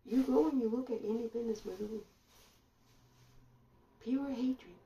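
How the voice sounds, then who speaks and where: A woman commentator delivering a sarcastic monologue full of rhetorical questions and drawn-out pauses. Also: a little high, vocal fry, warm tone, recorded from a distance, lo-fi sound. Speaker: online commentator. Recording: roomy echo, voice away from mic.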